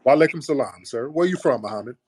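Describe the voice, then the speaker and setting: A man hosting a call-in radio show, ranting forcefully and arguing with callers. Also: lively intonation, fast talker, breathy edge. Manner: forceful, combative, mocks callers in a high put-on voice. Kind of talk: heated call-in commentary.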